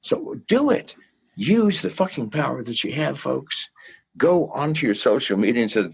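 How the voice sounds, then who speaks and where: A man's voice: medium pitch, very animated, normal speed, creaky, husky. An older man, a guest in an interview, ranting with fiery, profane pleas to his listeners in a dull lo-fi recording. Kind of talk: impassioned rant in an interview.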